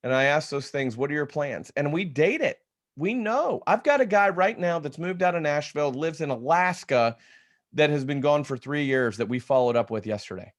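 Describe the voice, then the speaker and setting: A man teaching real estate agents on a video call, energetic and conversational, often restarting his sentences. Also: a little high, moderate pace. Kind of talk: webinar teaching talk.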